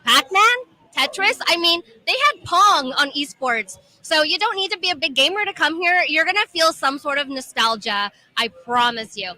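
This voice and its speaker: A woman's voice: sits high, expressive, moderate pace, pushed and bright, rough recording. A woman hosting a live interview show at a gaming expo, chatty and enthusiastic, often rambling as she asks her questions. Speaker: host. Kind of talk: casual interview chat.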